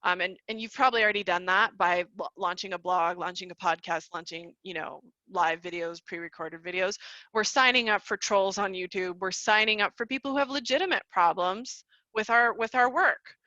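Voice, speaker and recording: A woman teaching a live online class in a bright, forceful voice, chatty and quick to laugh. Her audio is dry and a little dull, like a computer mic on a video call. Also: mid-range voice, no room sound. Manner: chatty, laughs often, calls listeners y'all. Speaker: online course host.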